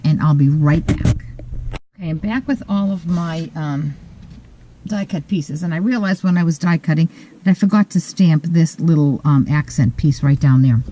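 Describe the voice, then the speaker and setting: At her craft desk, a woman with a deep voice leads a step-by-step card-making tutorial, relaxed and methodical, pausing often to think. The audio is poor, with slight background noise.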